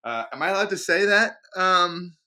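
A man's voice: sits high, animated, normal speed, bright, forceful tone. An American man co-hosting a casual podcast as league commissioner, chatty and laughing. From United States. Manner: laughing, chatty, pushes things along.

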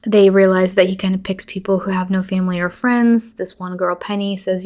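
A woman's voice: mid-range voice, level tone, brisk, a little mellow. A young woman hosting a podcast who recaps a horror film in a casual, chatty way. She uses lots of fillers and is blunt and a little profane. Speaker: podcast host.

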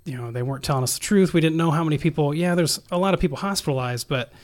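A man who works as an emergency nurse, telling stories from the hospital in a casual, animated podcast conversation. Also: on the high side, rapid-fire. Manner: animated storyteller, acts out quoted voices. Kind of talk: casual storytelling in a podcast interview.

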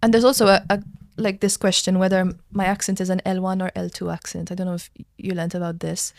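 A woman's voice: medium pitch, level tone, quick pace, gravelly, dry recording. Young woman, Maltese accent, casual podcast chat, rambling with fillers, dry close sound. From Malta. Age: young adult. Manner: chatty, explains at length with many "like" fillers. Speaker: drama school student guest.

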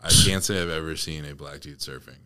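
A man's voice: very deep voice, fairly even intonation, brisk, sharp tone. A man hosting a podcast, dry and teasing, often laughing through his words. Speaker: podcast host. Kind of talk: casual podcast banter.

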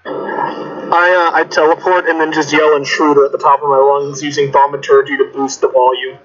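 A man's voice: on the high side, little pitch movement, moderate pace, fairly bright tone. A man playing a tabletop game over voice chat, eagerly describing his character's actions and asking about the rules. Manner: eager, asks rules questions casually. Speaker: player. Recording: muffled voice chat audio.

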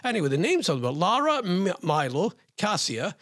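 A man with a slightly husky, fairly high voice rambles through the headlines with sarcastic asides. His pitch swings about a lot as he riffs. It sounds like a casual comic host chatting to his listeners. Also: big pitch swings, normal speed, a bit bright, no room sound, clean studio sound. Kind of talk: casual comedic news commentary.

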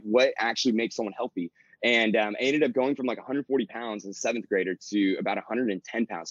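A man in his twenties, a podcast guest chatting casually from his childhood bedroom, rambling quickly with lots of fillers and restarts. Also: fairly low pitch, dry recording, lo-fi sound. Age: 20s. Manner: rambling and quick, heavy with "like" and "you know", frequent restarts. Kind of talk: casual interview chat.

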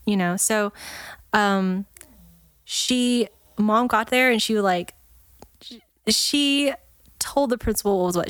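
Animated woman telling a story, dry sound. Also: mid-range voice, takes it slowly, pauses often, clean tone, no echo. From Texas, USA. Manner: animated, laughs often, acts out quoted voices. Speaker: podcast guest, artist. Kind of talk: storytelling in a casual interview.

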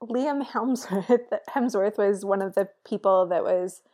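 Mellow-voiced woman, calm podcast guest. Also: medium pitch, unhurried. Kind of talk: casual chat.

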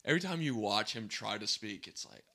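A young man co-hosting a podcast, chatting casually in an animated, quick way with lots of fillers and laughs. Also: fairly low pitch, gravelly, very noisy. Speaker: podcast co-host. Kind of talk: casual chat.

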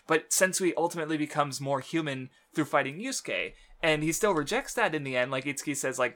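Male podcast co-host, casual manga chat, bright voice, rambling with lots of fillers. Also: fairly high pitch, a little fast, hardly any pauses. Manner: rambling, many fillers and restarts.

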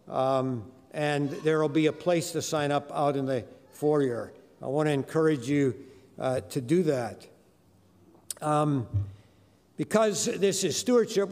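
High-voiced older man preaching. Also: darkish tone, in a large hall. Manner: conversational, many fillers. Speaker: guest preacher. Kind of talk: sermon. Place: church sanctuary.

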